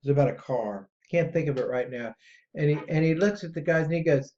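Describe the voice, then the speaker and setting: A man hosting a podcast in a casual, rambling monologue that gets excitable. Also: quick pace. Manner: excitable and rambling, jumps between pitches. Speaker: podcast host. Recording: dull lo-fi audio.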